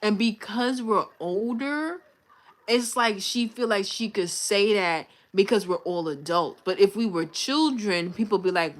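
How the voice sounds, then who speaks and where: A woman's voice: medium pitch, measured pace. A young woman livestreaming, telling a personal story in a candid, slangy, venting way to her chat. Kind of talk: casual live-stream storytelling.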